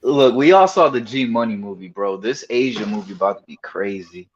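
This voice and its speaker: A man's voice: on the low side, a little fast, muffled recording, a little hiss or hum. A man roasting his friends in casual, profane banter, laughing often.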